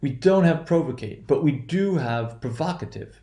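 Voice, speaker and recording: Halting man teaching in an echoey room. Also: on the high side, lively intonation, mellow. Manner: halting, self-correcting, many fillers and "right?" checks. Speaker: English pronunciation teacher. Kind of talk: recorded lecture.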